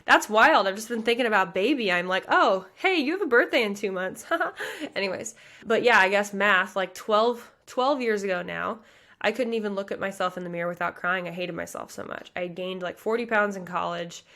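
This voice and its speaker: A woman in her early thirties, from the American Midwest, talks straight to her listeners as a pageant coach on her own podcast. Her delivery is earnest and passionate, quick and full of "like" and "you guys" fillers, in a mid-pitched voice. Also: a bit bright. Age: 30s. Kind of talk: motivational podcast monologue.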